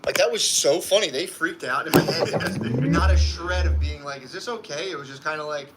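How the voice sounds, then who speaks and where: A man with a slightly raised voice tells swearing-heavy anecdotes in loose casual chat, laughing often as he goes. There is a clear layer of noise behind him in the recording. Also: fairly high pitch, fairly quick. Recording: noisy background hiss.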